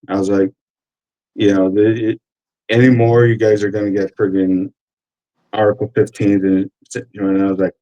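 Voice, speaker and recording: A man with a New York accent tells his army stories in a rough, profane way, slipping into the voices of the people he quotes. His voice sits a little low. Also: moderate pace, pauses often, lo-fi sound. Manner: profane, animated, acts out quotes. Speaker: army veteran telling stories. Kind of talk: casual storytelling chat.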